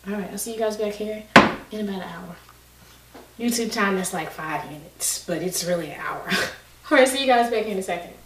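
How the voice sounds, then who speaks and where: A woman's voice: medium pitch, fairly quick, recorded from a distance, background noise. Breathless woman chatting in a kitchen. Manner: chatty and folksy, talks straight to viewers. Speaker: cooking vlogger. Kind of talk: casual cooking demonstration. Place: home kitchen. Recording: roomy kitchen, mic set back.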